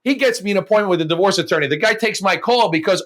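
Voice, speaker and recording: A man's voice: sits high, rapid-fire, hardly any pauses. A middle-aged man, a mortgage broker and coach, telling his story as an interview guest and acting out the voices of people he quotes. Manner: animated, acts out quoted voices with laughs.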